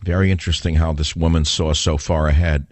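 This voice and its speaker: Low-voiced New York talk radio host. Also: male voice, level tone, fairly quick, darkish tone, no room sound. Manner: combative, sarcastic, rhetorical questions. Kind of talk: opinionated talk radio monologue.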